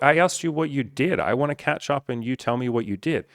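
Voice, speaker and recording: A man's voice: mid-range voice, fairly quick, few pauses, fairly bright tone, no room sound, studio quality. A man speaking as a dating coach in a blunt, profane, emphatic motivational monologue.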